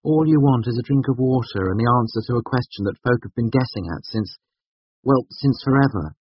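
A man reading an audiobook, voicing a wry, quick-witted young woman in a raised, lighter voice. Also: mid-range voice, husky, pitched above the performer's own voice, lightly acted. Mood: earnest. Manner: raised, lighter voice, playful and teasing. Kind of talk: audiobook character voice. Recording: slightly dull, dry recording.

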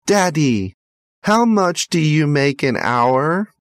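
Storybook child: man voicing a small earnest boy, high-pitched and pleading, slow. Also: big pitch swings, no room sound, studio quality. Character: pleading five-year-old boy.

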